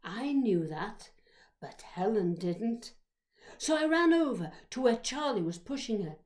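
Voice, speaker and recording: A woman with a fairly high voice reads her childhood memoir aloud at a slightly slow pace. She tells it expressively, dropping to whispers at times and bursting into loud exclamations at others.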